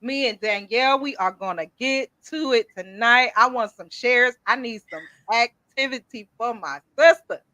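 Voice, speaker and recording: Bright-voiced hype podcast host woman. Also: fairly high pitch, normal speed, hardly any pauses, dry recording. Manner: hyped, playful, talks to viewers. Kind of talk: casual live-stream chat. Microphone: streaming setup.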